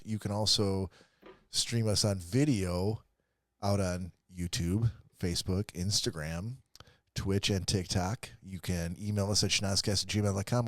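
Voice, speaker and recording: A man hosting a casual comedy podcast with friends, upbeat and quick to laugh. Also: fairly low pitch, dry recording, studio quality. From Michigan. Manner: upbeat, laughing, emcee-style. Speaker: podcast host.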